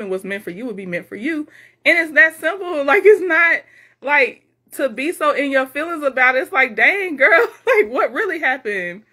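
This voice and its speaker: Reading viewer comments aloud on a relaxed live stream, a woman with a slightly high voice chats animatedly. Laughter comes often in her reactions.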